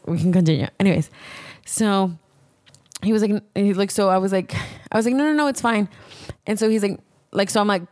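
A woman's voice: fairly low pitch, a little mellow, no echo, studio quality. A young woman hosting a candid podcast, telling a story in a chatty, profane way, full of "like" and acted-out quotes. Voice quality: frank and profane. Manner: chatty, heavy on "like", acts out quotes. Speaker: podcast host.

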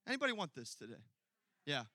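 A male pastor preaching a sermon, telling a personal story and building from quiet asides to loud, emphatic peaks. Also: fairly high pitch, wildly swooping pitch, quick pace, no room sound.

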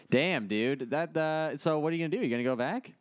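Young man, podcast co-host, jokey, laughs often, relaxed chat. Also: on the high side. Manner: joking, quick to laugh. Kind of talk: casual chat.

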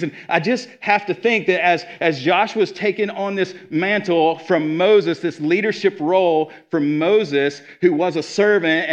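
Earnest male preacher, conversational delivery, a touch high, muffled recording. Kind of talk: sermon. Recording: dull lo-fi sound.

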